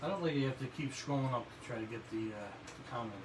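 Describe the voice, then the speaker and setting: A man's voice: mid-range voice, fast talker, far from the mic. Joking man in an echoey room. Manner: joking, easygoing banter. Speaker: co-host of a live jewelry sales show. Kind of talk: live-stream sales chat. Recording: echoey room with audible noise.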